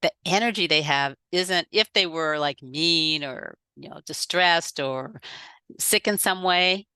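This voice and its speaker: A woman's voice: sits low, measured pace, pushed and bright, smooth, no echo. A woman guest, a dream teacher, explaining her views in a flowing, reflective way. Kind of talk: conversational explanation.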